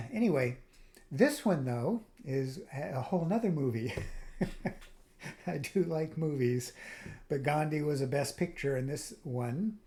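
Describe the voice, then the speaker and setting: Mellow-voiced man musing at length. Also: on the high side, expressive, a little slow. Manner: rambling, with frequent restarts and trailing asides. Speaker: video host. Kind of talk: reflective spiritual monologue.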